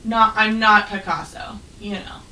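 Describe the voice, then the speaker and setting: A woman teaching first graders an online phonics lesson, patient and encouraging, sounding words out slowly. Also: mid-range voice, little pitch movement, pushed and bright, far from the mic, rough recording.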